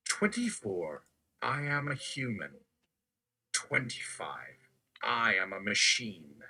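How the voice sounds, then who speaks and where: A man's voice: medium pitch, pushed and bright, low-quality recording. A man on a live stream reciting numbered declarations one after another in a chanting manner. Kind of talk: slow counting recitation.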